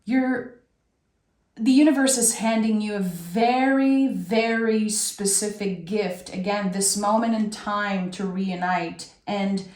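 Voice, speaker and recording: Woman tarot reader, slow soft-spoken delivery, emotional, echoey room. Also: mid-range voice. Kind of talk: tarot reading to camera.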